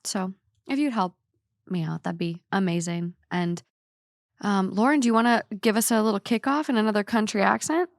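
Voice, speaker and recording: A woman hosting a podcast in casual chat, animated and upbeat, laughing easily. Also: medium pitch, moderate pace, gravelly, no echo, clean studio sound. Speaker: podcast host.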